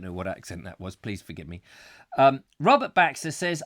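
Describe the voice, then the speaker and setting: Lively, jokey man hosting. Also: mid-range voice, moderate pace. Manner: rambling, jokey, reads viewer comments aloud in funny voices. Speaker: host. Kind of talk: comic live call-in chat show.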